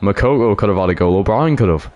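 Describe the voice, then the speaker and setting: A man giving live commentary over a football game he is playing, excitable and quick to cheer or groan. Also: lowish voice, a little hiss or hum. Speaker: gaming YouTuber.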